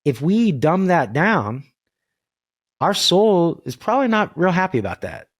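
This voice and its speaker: A man's voice: sits high, measured pace, no room sound. Earnest middle-aged man, dry close sound. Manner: earnest, spiritual, animated. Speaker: voice coach, podcast guest. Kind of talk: reflective podcast conversation. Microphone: video call.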